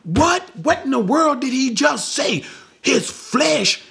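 A man's voice: extremely high pitch, big pitch swings, slow pace, gravelly, fairly bright tone, voice pushed up, exaggerated voice. A man voicing a crowd of shocked, angry ancient men, exclaiming in disbelief. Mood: outraged. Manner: incredulous, exclaiming.

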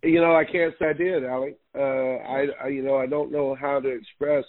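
A man, a pastor, tells his testimony in an earnest, halting way, often circling back on his words. His voice sits at an ordinary pitch. It comes through a thin, tinny, phone-like radio line. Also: flat delivery, no echo. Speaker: pastor, interview guest.

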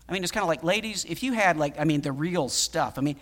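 A man's voice: a little high, animated, quick pace, hardly any pauses, fairly bright tone, big-room sound. A man preaching a sermon in a conversational, emphatic way, with many fillers and restarts. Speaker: pastor.

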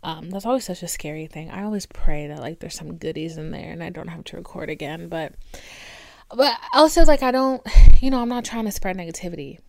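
A woman hosting her own podcast alone at home, talking candidly and swearing freely, with warm pep-talk asides to her listeners. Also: fairly low pitch, lively intonation, brisk, creaky, no echo. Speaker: podcast host. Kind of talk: casual solo podcast monologue. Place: indoors at home with her dog. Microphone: camera recording.

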